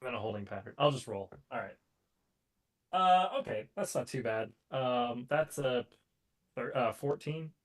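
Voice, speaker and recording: A man joins a tabletop game in a loose, joking way, often breaking into laughter. His voice sits at an ordinary pitch. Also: expressive, moderate pace. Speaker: player. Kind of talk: casual tabletop play.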